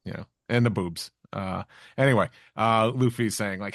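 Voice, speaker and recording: A man co-hosting a podcast, recapping a comic chapter in halting casual chat full of fillers. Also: deep voice, steady tone, gravelly, a bit bright, no echo, clean studio sound. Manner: halting, with many fillers and restarts. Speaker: podcast co-host.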